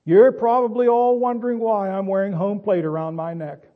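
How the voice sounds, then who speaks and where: A man's voice: sits high, level tone, moderate pace, phone-quality sound, pitched above the performer's own voice, close to an everyday voice. A man voicing an irritable old baseball coach who barks pointed questions at a crowd.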